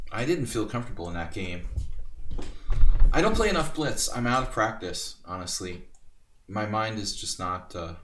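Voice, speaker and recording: A man from Hungary chats casually through a live blitz chess stream, rambling to viewers between moves. He pokes fun at himself as he goes. His voice sits low, and the sound comes from a distant mic with a roomy echo. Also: a bit bright, a little hiss or hum. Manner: chatty, self-deprecating, rambling asides to chat.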